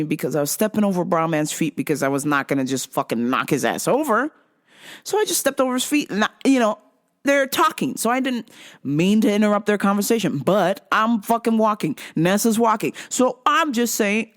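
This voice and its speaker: A woman's voice: medium pitch, a little fast. A middle-aged woman vlog host telling a story casually, with lots of swearing, who acts out what people said. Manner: animated, profane, acts out quotes.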